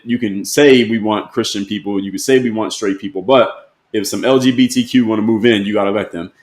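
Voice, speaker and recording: A man's voice: fairly low pitch, roomy sound. A man hosting a live-stream, talking plainly and pressing his point with repeated rhetorical questions. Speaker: host.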